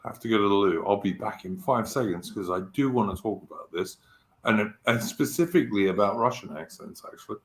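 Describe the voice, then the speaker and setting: A man with a faint Cockney accent hosts a casual talk show, his voice sitting very low. He speaks eagerly and often trips into quick restarts. The sound carries a noticeable room echo. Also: lively intonation. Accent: light London Cockney. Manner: enthusiastic, stammering restarts. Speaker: host. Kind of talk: casual podcast chat. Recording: roomy echo.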